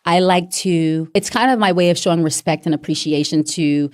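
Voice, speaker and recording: A young woman with a Southern accent talks in a relaxed, playful way, her voice sitting on the lower side. She moves quickly between topics and keeps the conversation light. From Decatur, Georgia. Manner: playful, quick to break into impressions and other languages. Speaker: guest. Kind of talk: casual chat.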